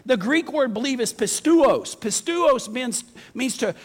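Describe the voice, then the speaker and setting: A man preaching a folksy, animated sermon to his congregation. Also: very high-pitched, a little slow. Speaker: pastor. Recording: long reverb of a church hall.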